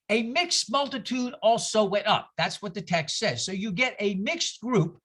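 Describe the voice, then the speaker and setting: A woman giving a lively, sarcastic talk, acting out voices with exaggerated outbursts as she teaches. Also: medium pitch. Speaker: speaker giving a talk on scripture. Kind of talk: lively lecture.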